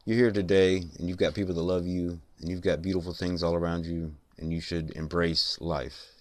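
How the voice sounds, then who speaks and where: A man, hoarse and congested from being sick, rambling reflectively in a late-night solo podcast. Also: sits low, flat delivery, moderate pace, a little mellow, no room sound. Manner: rambling, reflective, many fillers. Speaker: podcast host.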